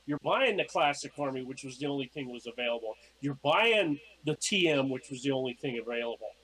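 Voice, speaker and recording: A man's voice: medium pitch, animated, a little fast, a bit bright, rough recording. A middle-aged man, a podcast guest, telling casual stories and acting out his own past lines. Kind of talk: casual storytelling.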